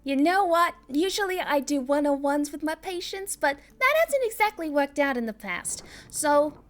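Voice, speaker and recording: A woman voicing a bubbly female adventurer-doctor in a squeaky, nasal voice while playing a game. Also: lively intonation, moderate pace. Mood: playful. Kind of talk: voicing a game character live.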